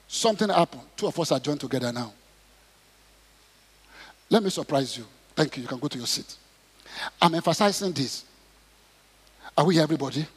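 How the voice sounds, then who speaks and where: A middle-aged man preaching a sermon, acting out prayers and Bible stories and rising to shouts. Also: fairly high pitch, lively intonation, brisk, pauses often, husky. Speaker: pastor. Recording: long hall reverb.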